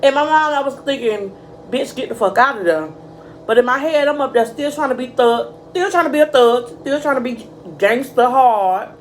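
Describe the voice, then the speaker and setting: A young woman vlogger telling a casual storytime, animated and profane, calling her viewers y'all. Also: high voice, moderate pace, few pauses, slight background noise, rough recording.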